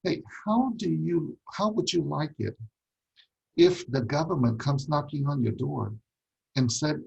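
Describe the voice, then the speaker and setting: A man's voice: a little high, expressive, unhurried, creaky, a little mellow, slightly rough, muffled recording. A man teaching a ministry class on parenting, emphatic, repeating key points and asking rhetorical questions.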